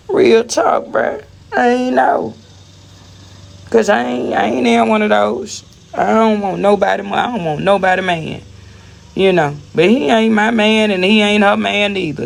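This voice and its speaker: A woman with a gravelly, mid-range voice rants bluntly on a phone livestream. She rambles and repeats herself while speaking straight to her viewers.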